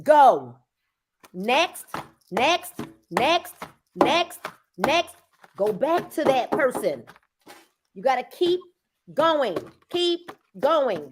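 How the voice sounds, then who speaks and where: A woman coaching on sales in a casual motivational talk, her voice pitched a little high and swinging widely up and down. She hammers points home by repeating phrases and sometimes breaks into loud urging. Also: sing-song, slow pace, background noise. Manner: emphatic, repeats phrases for effect; bursts into loud urging at times.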